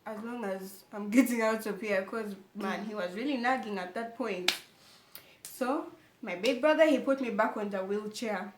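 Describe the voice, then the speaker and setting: A young woman telling a personal story to her viewers in an animated, emphatic way. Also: mid-range voice, moderate pace. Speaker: vlogger. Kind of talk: casual storytelling to camera. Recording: echoey room, faint background noise.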